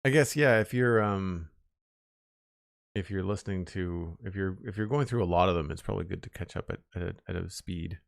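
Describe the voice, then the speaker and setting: A man's voice: deep voice, brisk, gravelly, dry recording, studio quality. A man streaming a building game, chatting casually with his viewers while he works. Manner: relaxed, chatty, talks to chat while building. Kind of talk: casual live-stream chat while playing.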